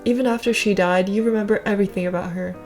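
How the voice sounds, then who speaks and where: A woman's voice: mid-range voice, fairly even intonation, fast talker, a little mellow, faint music behind, natural voice. A young woman voicing an earnest, dramatic teenage girl heroine.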